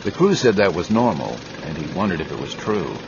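A man narrating a grim adventure novel in a steady storytelling manner. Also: low voice, a little fast, muffled recording, noisy background. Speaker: audiobook narrator. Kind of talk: scripted narration.

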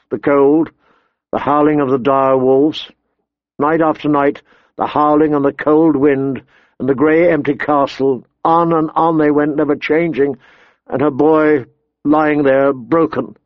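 A man narrating an audiobook in a measured, expressive storytelling voice. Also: fairly high pitch, dry recording. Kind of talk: scripted narration. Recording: dull dry recording.

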